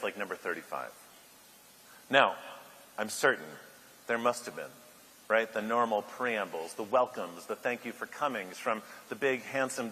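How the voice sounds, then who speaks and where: Guy doing a keynote story, lowish voice, gets loud and animated, faint room hum. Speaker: keynote speaker. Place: large banquet hall. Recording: echoey hall, faint ambience.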